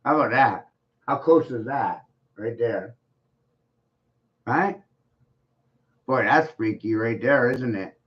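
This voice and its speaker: A man's voice: medium pitch, takes it slowly, pauses often. A man ranting to the camera, swearing and laughing mockingly at the people he addresses. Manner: mocking, swearing, laughs at his own points. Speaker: video blogger. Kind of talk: profane rant to the camera. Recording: dull lo-fi sound.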